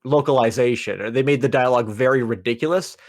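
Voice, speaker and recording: Stammering, medium-pitched man hosting a chat. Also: fast talker, a little mellow, no room sound, studio quality. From Canada. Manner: stammering restarts, thoughtful. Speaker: podcast host. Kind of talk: casual interview chat.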